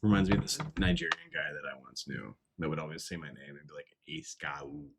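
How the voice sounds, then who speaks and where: A man's voice: a bass voice, fast talker, creaky, very noisy. A young man co-hosting a casual podcast, telling stories with lots of laughing and swearing. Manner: animated storyteller, laughs often, swears. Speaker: podcast co-host. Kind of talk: casual banter.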